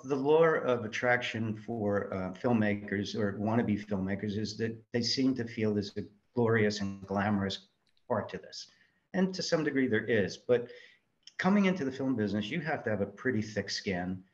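A man from New York, a filmmaker, telling lively anecdotes in an interview and acting out the voices he quotes. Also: on the low side. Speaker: guest filmmaker. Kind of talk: storytelling interview answers. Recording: dull lo-fi audio.

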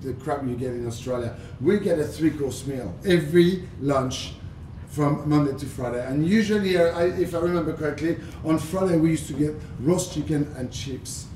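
A man with a French accent chats his way through a live cooking demo, playful and loose. His voice sits a bit high, picked up from a distance, and echoes around the room. A low rumble runs underneath. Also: moderate pace, warm tone. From France. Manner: chatty and playful, many fillers. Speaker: chef hosting a cooking livestream. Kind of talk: casual live cooking demonstration.

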